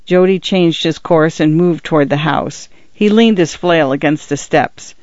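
A man narrates an audiobook in a measured, even way, his voice a little high for a man. The recording sounds dull and lo-fi and completely dry, with no room sound. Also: no room sound.

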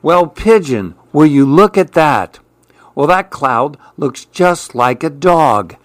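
Man doing a higher, gentle storybook mouse, curious and lilting. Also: animated, slow pace, no room sound, full character voice. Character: curious gentle male mouse, dreamy and kind.

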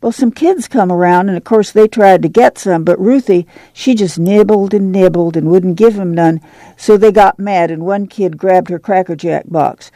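A woman reader voicing an excited small farm boy with a breathless rural drawl. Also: medium pitch, moderate pace, dry recording, lightly acted.

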